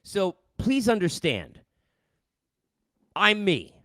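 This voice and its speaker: A man's voice: high voice, wildly swooping pitch, drawn-out words, a bit bright, no echo. A middle-aged man from New York, a sports host, ranting casually into a headset mic with exasperated rhetorical questions.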